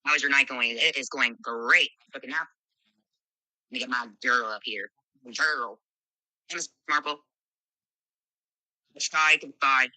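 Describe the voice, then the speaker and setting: A woman's voice: extremely low pitch, slow, long pauses, bright, forceful tone, no echo, low-quality recording. A woman hosting a live stream, brashly moderating callers and scolding them with plenty of profanity. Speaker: livestream host.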